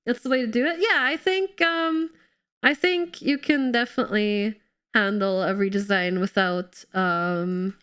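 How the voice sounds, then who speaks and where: A woman's voice: medium pitch, measured pace, smooth. Bubbly, slightly ill woman streamer. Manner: bubbly, excitable, chatty with viewers. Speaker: game streamer. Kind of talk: casual live-stream chat while playing.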